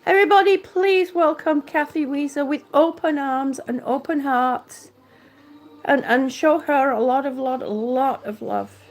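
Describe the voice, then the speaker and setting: A vlogger chats casually from her home on a live stream, thanking viewers by name. Her voice sits high and she speaks at a measured pace, filmed on a handheld phone or camera.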